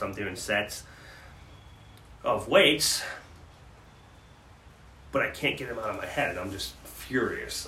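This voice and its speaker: This man, a podcast co-host, has a lowish voice and a sharp tone as he earnestly tells difficult stories from his life in conversation, frequently starting over mid-thought. The recording sounds roomy, with a far-off mic and faint background noise.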